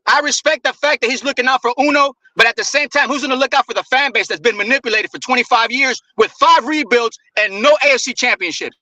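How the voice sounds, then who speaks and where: A man's voice: very high voice, fast, hardly any pauses, sharp tone, dry recording, rough recording. A man co-hosting a casual sports talk show, making an earnest, argumentative case about his team. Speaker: co-host.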